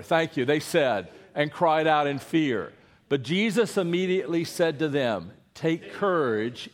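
A man, a preacher giving a sermon and coaxing his congregation to read scripture aloud with him. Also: on the high side. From Eastern North Carolina. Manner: playful, coaxing the congregation, then hushed and earnest. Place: church before a congregation.

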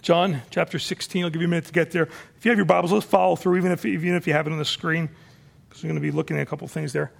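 Male pastor, high gravelly voice, casual teaching sermon. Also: flat delivery, rapid-fire. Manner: conversational preaching with repeated restarts.

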